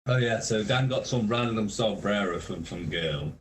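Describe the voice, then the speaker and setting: Man, low-pitched, sweary casual storyteller. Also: expressive, normal speed, slight background noise, low-quality recording. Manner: swearing, laughing mid-sentence. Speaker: guest musician.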